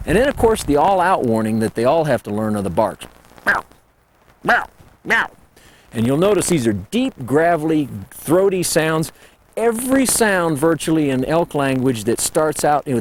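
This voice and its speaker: A man teaching elk calling in a folksy, lively way, breaking into high call demonstrations. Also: slight background noise. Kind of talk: instructional talk.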